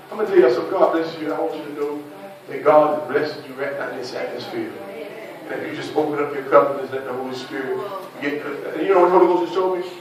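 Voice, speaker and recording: A man preaching a lively sermon as pastor, calling out to the congregation and laughing between points. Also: on the high side, very echoey, far from the mic, noisy background. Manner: preaching with call-and-response and laughter.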